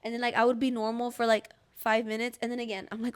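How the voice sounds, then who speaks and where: A young woman hosts a casual podcast with a somewhat high voice. She rambles through a personal story and drops "like" into nearly every phrase. She acts out her own past pleas and cries as she goes. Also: flat delivery, fast talker, smooth. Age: young adult. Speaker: podcast host.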